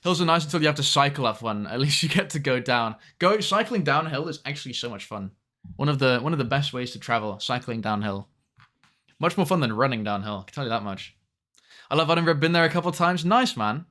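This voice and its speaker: Bright-voiced young streamer. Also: male voice, mid-range voice, lively intonation, a little fast. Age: young adult. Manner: chatty, swears at the game. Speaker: streamer reading chat. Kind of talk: casual game-stream chat.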